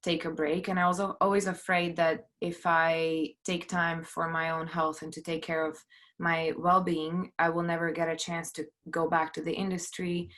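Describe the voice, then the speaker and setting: A middle-aged woman speaks on a video call from her home, her voice set slightly low. She tells her story earnestly and haltingly, full of fillers and restarts. She is emotional, close to tears. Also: little pitch movement, fairly bright tone. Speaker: panelist, film producer. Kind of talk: personal testimony on a panel.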